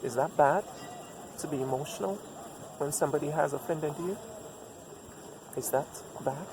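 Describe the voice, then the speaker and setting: A man's voice: a little high, moderate pace. Reflective man musing over background noise. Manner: reflective, repeats lines for emphasis, asks rhetorical questions. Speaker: vlogger giving relationship advice. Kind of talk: personal advice monologue.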